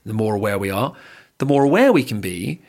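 A man, co-hosting a casual surf podcast and guiding a breathing exercise, lively and laughing, swearing casually. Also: fairly low pitch, a little fast. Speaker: podcast co-host. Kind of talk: casual chat with guided breathing.

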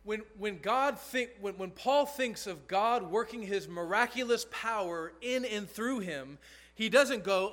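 High-voiced man preaching earnestly. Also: lively intonation, measured pace, a bit bright. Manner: earnest preaching with emphatic repetition. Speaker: pastor. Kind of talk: sermon.

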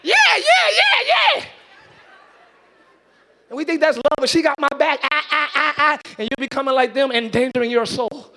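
Preacher guy, real high bright voice, yelling and acting stuff out in church. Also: moderate pace, long pauses, some chatter behind, slight background noise. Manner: animated preaching, shouting and acting out scenes. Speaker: pastor. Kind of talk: sermon.

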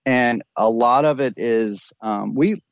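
A gravelly, medium-pitched voice belongs to an East Texas addiction counselor speaking slowly on a candid podcast. He is earnest and reflective, with frequent restarts and repeated words. The recording is dry.

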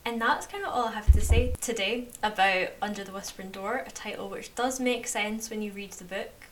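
A woman's voice: medium pitch, fairly even intonation, fairly quick, a bit bright, distant mic, rough recording. A woman co-hosting a book podcast, reading a novel passage aloud and then chatting casually with lots of filler words. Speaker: podcast co-host. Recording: faint background hiss.

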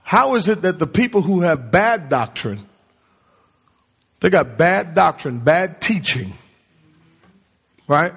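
A man's voice: a little high, sing-song, takes it slowly, creaky, long pauses, a bit bright, slightly rough. A man preaching a sermon to his congregation in call-and-response style, quizzing them as he speaks. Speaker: pastor. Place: church sanctuary. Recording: long hall reverb.

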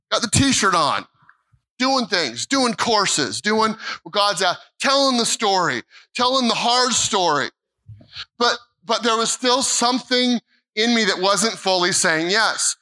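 A man's voice: high-pitched, pushed and bright, low-quality recording. A middle-aged American man preaching a sermon in a church, telling a story animatedly, with stammered restarts, repeated phrases and quoted dialogue. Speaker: pastor. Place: church sanctuary.

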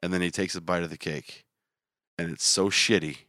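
A man co-hosting a podcast in casual chat, cracking jokes in a flat, deadpan way. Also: sits low, moderate pace, no echo, clean studio sound. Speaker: podcast co-host.

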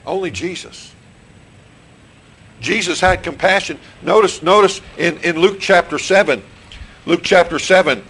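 Middle-aged male pastor, gravelly slightly high voice, preaching style with repeated questions to the room. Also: normal speed, long pauses, fairly bright tone, a little hiss or hum, rough recording. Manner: repeats questions to the congregation, restarts phrases. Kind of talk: sermon. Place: church sanctuary.

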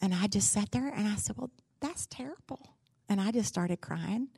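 A woman's voice: mid-range voice, normal speed, mellow, husky, no echo, clean studio sound. A middle-aged woman giving a sermon, telling a personal story and asking the room direct questions. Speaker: speaker at a church gathering.

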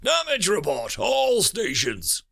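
A man voicing a frightened starship captain shouting orders over a comm. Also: fairly high pitch, very animated, measured pace, vocal fry, voice pushed up, full character voice. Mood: urgent.

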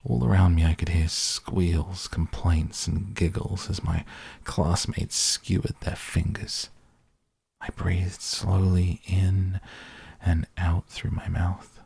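A man reading an audiobook in a measured, steady way. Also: sits low, creaky, husky, no room sound. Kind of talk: audiobook narration.

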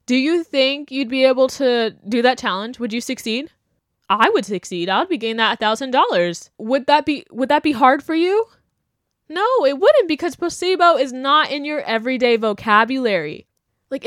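A woman's voice: on the high side, a bit bright, no room sound, studio quality. A young woman hosting a podcast, talking bluntly and animatedly in casual opinion chat, mocking the people she quotes. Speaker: podcast host.

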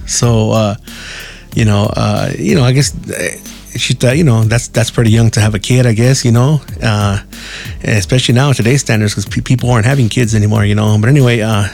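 A man tells a loose, rambling story with lots of cussing and slang. His voice sits at a middle pitch with a gravelly, creaky edge, and faint music plays behind him. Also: darkish tone. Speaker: podcast host. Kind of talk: casual storytelling.

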